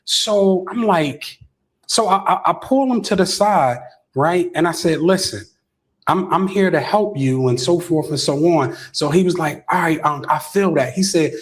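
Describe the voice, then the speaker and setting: A middle-aged man telling a long story as an interview guest. He keeps checking in with "right?" and stumbles over restarts. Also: moderate pace. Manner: keeps asking "right?" with frequent stammered restarts; shifts into a higher voice when quoting others.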